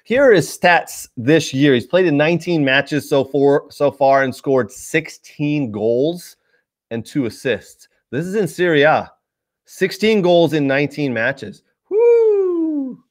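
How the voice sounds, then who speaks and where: A man's voice: mid-range voice, a bit bright. Man, soccer show host, chatty casual commentary, talks straight to viewers, mid-range voice. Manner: chatty, addresses viewers directly, many fillers.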